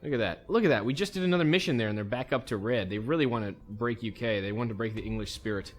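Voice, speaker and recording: A man with a lowish voice hosts a let's play, talking fast and thinking aloud in an easygoing way as he plays a strategy game. Faint music sits behind his casual gameplay commentary.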